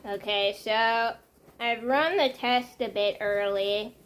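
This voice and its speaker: A woman's voice: a little high, slow pace. A woman vlogging casually, thinking aloud to herself as she works things out. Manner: muses aloud while working things out, soft self-talk.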